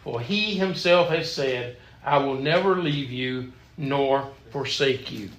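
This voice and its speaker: A man's voice: medium pitch, slow, fairly bright tone, a little hiss or hum. A man leading a church Bible study in an earnest, emphatic teaching manner, often repeating words as he goes.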